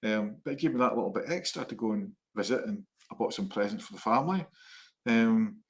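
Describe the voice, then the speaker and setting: A man co-hosting a live online chat show, telling animated personal stories, acting out the dialogue and laughing often. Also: fairly high pitch. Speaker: co-host, psychic medium. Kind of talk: casual anecdotal chat. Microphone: live online video call.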